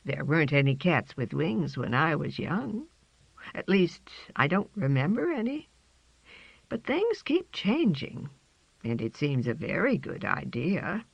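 A woman voicing a kind, gentle old woman, speaking slowly and softly, on a dry, slightly dull storybook recording. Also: vocal fry, breathy edge, no room sound, full character voice. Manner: slow and gentle, lively in pitch.

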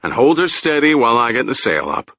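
A man voicing a calm, wry, middle-aged wizard in a storybook reading, easygoing and gently teasing. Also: mid-range voice, a little fast, dry recording, dull audio, voice pushed up. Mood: brisk.

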